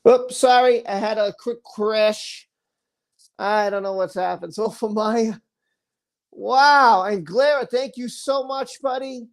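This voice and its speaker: A woman's voice: fairly high pitch, a little slow, a little mellow. A woman hosting a casual livestream, effusively thanking viewers and tumbling over her words. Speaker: livestream host.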